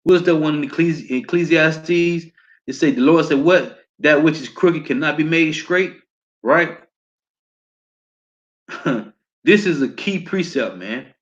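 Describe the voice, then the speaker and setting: A man with an American accent teaching scripture, reading verses slowly and often ending with "man.". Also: fairly high pitch. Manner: reads verses slowly, repeats "man" as a tag. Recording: dull lo-fi sound.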